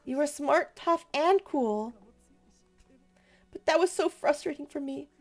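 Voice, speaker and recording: A woman's voice: high voice, measured pace, a little mellow, faint music behind. Woman reading as a guilt-ridden young man. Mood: earnest. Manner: reading game dialogue aloud.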